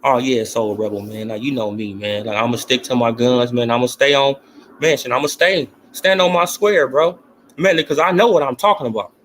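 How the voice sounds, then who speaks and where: A man's voice: medium pitch, fairly quick, a bit bright, a little hiss or hum. A man hosting a casual boxing talk show, talking back to his chat, emphatic and slangy with plenty of cursing. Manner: emphatic, profane, slangy, fired-up. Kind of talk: casual opinionated sports talk.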